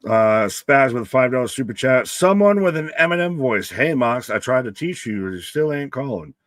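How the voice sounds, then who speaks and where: A man hosting a casual wrestling live stream, talking loosely to his chat and swearing freely. He breaks into laughter between his calls of the action. His voice sits at a middling pitch and sounds dry and close to the mic. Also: animated, moderate pace, fairly bright tone, dry recording. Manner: loose, profane, laughing, talks to chat by name.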